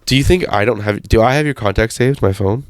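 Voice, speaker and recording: A man's voice: on the low side, quick pace, no room sound. A man co-hosting a podcast, chatting casually and retelling a phone call by acting out both sides. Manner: storytelling, acts out quoted exchanges. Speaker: podcast co-host. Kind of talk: casual chat.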